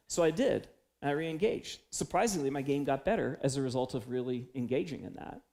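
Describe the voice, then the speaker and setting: A man's voice: medium pitch, animated, brisk, vocal fry, warm tone. A man preaching a conversational sermon, confessional and storytelling, acting out his own inner voice. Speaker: pastor. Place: church sanctuary.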